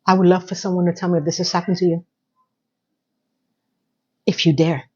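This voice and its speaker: A woman's voice: on the low side, level tone, a little fast, darkish tone, slightly rough, lo-fi sound. A woman hosting a casual episode recap, chatty and emotional, holding back tears as she retells scenes at home. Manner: chatty, with fillers and self-interruptions. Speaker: recap podcast host.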